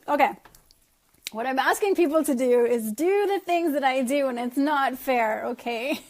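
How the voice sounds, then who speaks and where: A middle-aged woman with a high, somewhat dark voice speaks at a moderate pace while leading her sales team on a casual call. As a network marketing team leader, she's chatty and self-deprecating, laughing often.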